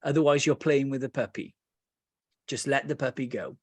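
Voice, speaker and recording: A man with a British accent teaching meditation, telling lively stories with playful asides, then slowing and softening into calm guidance. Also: medium pitch, breathy edge, no room sound.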